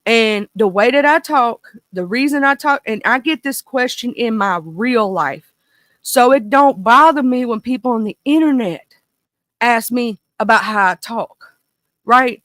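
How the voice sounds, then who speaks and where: A woman in her thirties with a Mississippi Southern accent, hosting a casual livestream chat in a goofy, animated, rambling way. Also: on the high side, unhurried, no room sound. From small town in northern Mississippi, USA. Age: 30s. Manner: goofy, animated, talkative, goes off on tangents. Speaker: livestream host.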